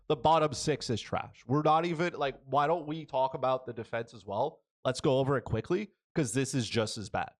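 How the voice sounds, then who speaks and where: Male podcast host, mid-pitch, blunt and opinionated sports talk, keeps checking in with "right?". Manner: blunt, frequent "right?" and "okay?" tags.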